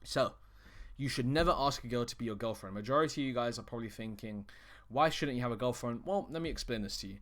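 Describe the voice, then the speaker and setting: A man's voice: mid-range voice, animated, fast talker. A man coaching on dating in a casual, direct-to-camera talk. He is blunt and swears freely, often restarting his sentences mid-thought.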